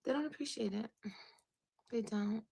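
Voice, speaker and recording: A woman's voice: a little high, moderate pace, creaky, dark tone, slightly rough. A pregnant woman ranting on a livestream, profane, repetitive and defiant. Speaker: livestreamer in a played clip.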